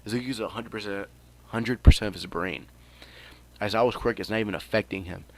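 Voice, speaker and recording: With a voice on the low side and a slightly quick pace, this young man makes up a fan story as he goes. He wanders off on tangents, curses without holding back and cracks himself up with his own jokes.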